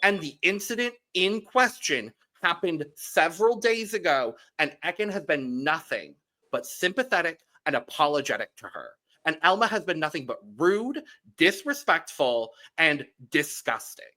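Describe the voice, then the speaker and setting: Blunt bright-voiced man. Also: a little high, very animated, moderate pace. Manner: blunt, emphatic, piles up pointed adjectives. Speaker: podcast co-host. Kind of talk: casual reality-TV recap chat.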